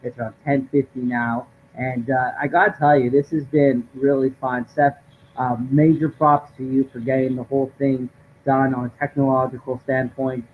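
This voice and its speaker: A man's voice: mid-range voice, level tone, moderate pace. A man co-hosting a live stream from home, giving upbeat, talkative sports commentary with many fillers. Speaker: co-host of a live draft stream. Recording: tinny lo-fi stream audio with faint noise.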